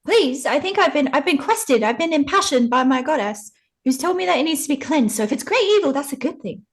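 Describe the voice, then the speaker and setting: A woman's voice: high voice, expressive, brisk. A woman playing a tabletop role-playing game as a flustered priestess, tumbling over her words. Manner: flustered, breathless in character. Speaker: player.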